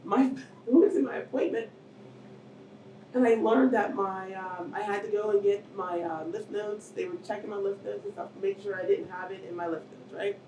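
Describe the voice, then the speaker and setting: In an event hall with an audience, a middle-aged woman speaks on a panel as a cancer survivor, telling her personal story emotionally with near shouts and tearful moments. Her medium-pitched voice keeps a steady tone and moderate pace. A distant mic records the roomy hall along with faint noise.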